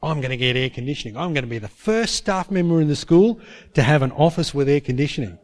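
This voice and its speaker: A man's voice: fairly high pitch, animated, fast talker, darkish tone, natural voice. A man quoting a smug, matter-of-fact female school nurse.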